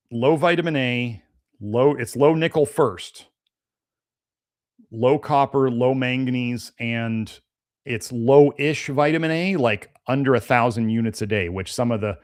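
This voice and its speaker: Casual rambling man answering live chat. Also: medium pitch. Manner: casual and rambling, with many fillers and restarts. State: slightly congested, sneezy. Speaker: host of a health podcast. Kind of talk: live-stream Q&A, reading chat questions.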